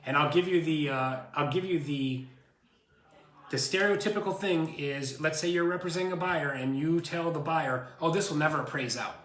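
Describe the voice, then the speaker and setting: Realtor guy rambling thru stories, bright kinda high voice, echoey room. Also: normal speed. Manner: animated, rambling storyteller. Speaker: co-host, realtor. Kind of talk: casual chat.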